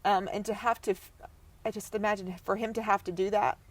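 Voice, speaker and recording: Young woman on a podcast telling her story, halting, keeps trailing off quiet, mid pitch voice. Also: flat delivery. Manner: halting, breaks off and restarts, voice drops to near whisper at times. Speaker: podcast guest. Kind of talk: emotional personal storytelling.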